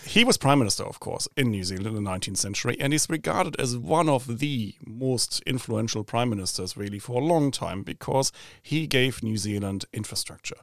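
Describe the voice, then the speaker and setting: A man's voice: mid-range voice, expressive, a little fast, creaky, few pauses, no echo, clean studio sound. A man with a German accent hosting a podcast interview, asking probing, wry questions. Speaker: podcast host, think tank head. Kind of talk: conversational interview.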